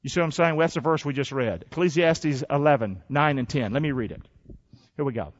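High-voiced, fiery preaching pastor. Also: male voice, brisk. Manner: energetic, call-and-response preaching with folksy asides. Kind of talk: sermon. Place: church. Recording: dull lo-fi church recording with long reverb.

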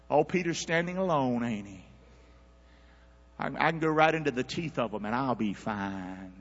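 A male pastor preaches a sermon in a church sanctuary, folksy and conversational, calling out to his congregation for responses. His medium-pitched voice is expressive at a normal speed, though the audio sounds dull in the reverberant hall.

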